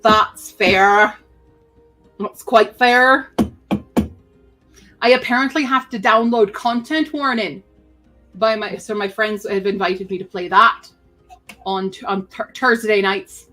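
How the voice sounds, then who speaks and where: A woman's voice: mid-range voice, normal speed, pushed and bright, soft background music. A woman hosting a casual writing-sprint livestream from home, chatting playfully and talking to her pet bird. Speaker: writing sprint stream host.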